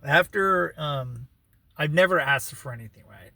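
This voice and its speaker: Gravelly, rambling man telling a story. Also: on the high side, moderate pace, sharp tone, dry recording. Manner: rambling, frequent "you know" and "right"; wry laughing asides. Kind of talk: casual storytelling vlog. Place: living in his vehicle.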